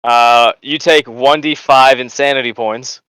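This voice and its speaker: A man narrating as game master of a tabletop game, storytelling in a lively way with fillers. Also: medium pitch, measured pace, clear, resonant tone, no room sound, poor audio.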